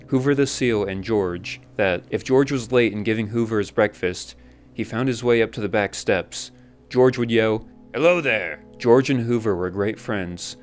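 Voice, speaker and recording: A man narrating a scripted documentary in a measured, even storytelling manner. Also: on the low side.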